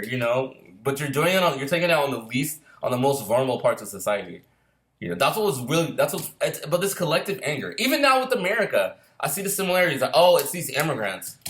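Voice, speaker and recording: A man's voice: medium pitch, big pitch swings, fast, a bit bright. A man on a heated, profane casual rant, firing off rhetorical questions. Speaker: filmmaker sharing opinions. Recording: roomy echo.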